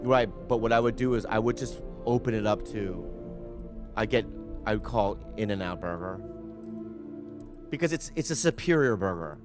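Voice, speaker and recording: A man's voice: lowish voice, normal speed, pauses often, music in the background. A man hosting a podcast, rambling and joking in casual banter with many fillers and restarts. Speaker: podcast host.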